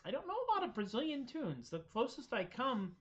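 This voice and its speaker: A man's voice: very high voice, huge pitch swings, fairly quick. A man hosting a live-streamed music show, chatting casually and self-deprecatingly between songs, rambling loosely. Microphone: streaming setup microphone. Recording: dull lo-fi stream audio with loud guitar. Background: acoustic guitar playing.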